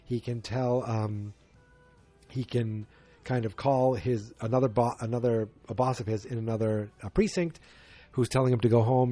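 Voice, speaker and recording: A man's voice: medium pitch, fairly even intonation, moderate pace, warm tone, faint music behind. Rambling man reviewing a movie. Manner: rambling, self-correcting, acts out quoted lines. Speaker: podcast host. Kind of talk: casual movie review monologue.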